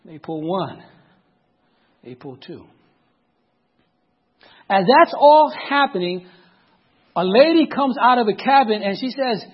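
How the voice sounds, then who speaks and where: A man's voice: sits high, sing-song, slow, long pauses, husky, highs cut off. A middle-aged man telling a story in a sermon, dramatic and often checking that his listeners are following.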